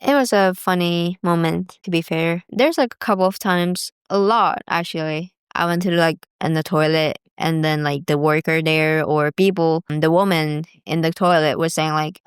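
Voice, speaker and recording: A woman's voice: low-pitched, fairly even intonation, normal speed, hardly any pauses, clear, resonant tone, no room sound, clean studio sound. A young woman casually telling stories to the camera, chatty with lots of fillers and laughs. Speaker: vlogger.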